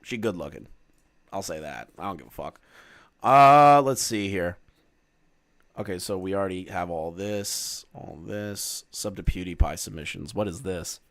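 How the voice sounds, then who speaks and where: A man's voice: deep voice, unhurried, dry recording. Foul-mouthed man streaming commentary. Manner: profane, reads documents aloud, breaks into loud exclamations. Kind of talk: casual live-stream commentary.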